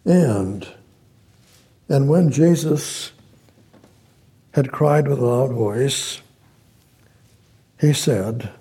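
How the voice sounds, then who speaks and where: A man's voice: medium pitch, drawn-out words, long pauses, dark tone, slightly rough. A man preaching a sermon, reading scripture aloud and repeating his phrases as he explains them.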